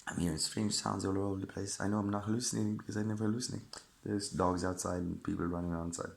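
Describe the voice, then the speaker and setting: A man's voice: low-pitched, flat delivery, fast, gravelly. A man chatting casually to his viewers in a rambling way, often breaking off mid-sentence, and sometimes reading aloud from a book. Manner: rambling, self-interrupting, chatty asides to viewer.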